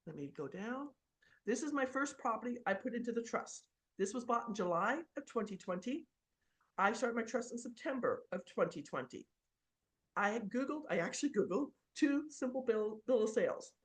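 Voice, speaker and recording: A woman's voice: on the high side, lively intonation, normal speed. A middle-aged woman, a real estate investor, telling a personal story about taxes in a casual, chatty way with many fillers while sharing her screen.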